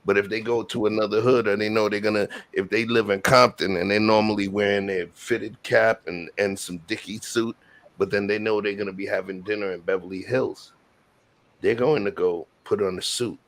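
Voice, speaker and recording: A man's voice: lowish voice, fairly even intonation, moderate pace, no echo. A man hosting a casual panel discussion, explaining his points emphatically and repeating words for weight.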